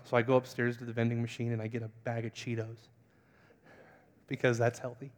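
A young man, a pastor, telling a funny self-mocking story in a sermon and acting out the voices with big jumps in pitch. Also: completely flat delivery, fairly quick. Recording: long hall reverb.

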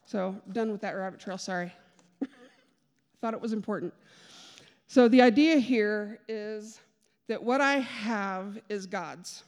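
A woman's voice: medium pitch, slow pace, pauses often, darkish tone. A woman giving a conversational sermon with personal testimony, chatty and self-deprecating, with joking asides. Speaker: speaker giving a church talk. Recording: long reverb of a large hall.

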